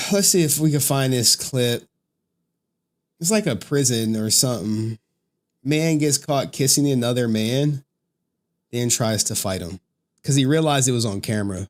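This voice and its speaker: A man's voice: medium pitch, animated, moderate pace. A man ranting on a livestream in crude slang, laughing often. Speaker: streamer commentator. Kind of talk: casual livestream rant.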